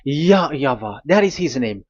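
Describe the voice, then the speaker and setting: A man preaching a teaching sermon at a board, pausing and repeating himself as he explains. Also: medium pitch, big pitch swings, dull audio. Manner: halting, repeats words, talks to a technician.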